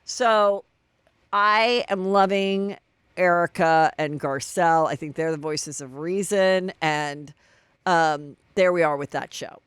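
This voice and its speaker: A woman's voice: lowish voice, fairly even intonation, slow pace, clear, resonant tone, dry recording. A woman hosting a solo celebrity gossip podcast, chatty and gossipy, acting out what people said. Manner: chatty, gossipy, acts out quotes. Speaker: podcast host.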